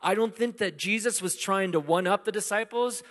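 A man preaching a sermon in a conversational way, asking rhetorical questions and swinging between loud emphasis and hushed asides. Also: sits high, animated, brisk, few pauses. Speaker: pastor. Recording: long hall reverb.

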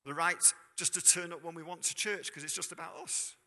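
Speaking fairly quickly, this man preaches with a bright, ringing, sharp voice that sits a little high. He talks to the congregation conversationally, posing questions, while the church hall's long reverb carries his words.

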